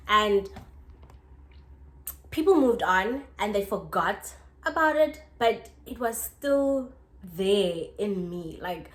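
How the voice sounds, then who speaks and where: A young South African woman telling a casual story, chatty and expressive, full of "like" fillers. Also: mid-range voice. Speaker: YouTuber. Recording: echoey room.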